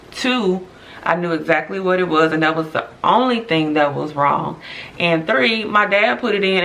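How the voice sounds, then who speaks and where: Bright-voiced earnest woman podcaster. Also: medium pitch, gravelly. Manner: chatty, earnest, addresses listeners as y'all, laughs through tears. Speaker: podcast host. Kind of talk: casual heartfelt podcast monologue.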